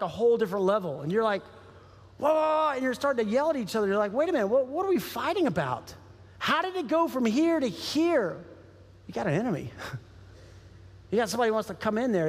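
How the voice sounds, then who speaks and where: A pastor with a high, bright-sounding man's voice delivers a lively sermon, slipping into little acted-out voices and chuckling as he goes. His words ring out with a long reverb through a large sanctuary. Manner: animated, acts out quoted voices, chuckles often.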